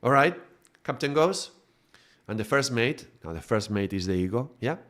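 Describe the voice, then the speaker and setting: A man giving a live spiritual talk at an ordinary pitch. He explains through long metaphors and keeps checking in with his listeners. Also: animated, moderate pace, fairly bright tone. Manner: builds extended metaphors, checks in with tag questions. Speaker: spiritual teacher.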